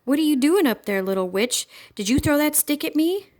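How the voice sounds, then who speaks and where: A woman's voice: medium pitch, unhurried, natural voice. A woman reading aloud, voicing a mean, taunting big neighbor boy in a jeering, sing-song way. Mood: mocking.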